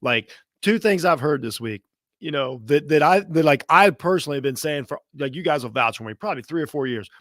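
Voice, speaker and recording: A man co-hosting a sports podcast, talking in casual chat with a halting, restarting delivery. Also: fairly high pitch, expressive, fairly bright tone, no room sound, clean studio sound. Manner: halting, many fillers and restarts. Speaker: podcast co-host.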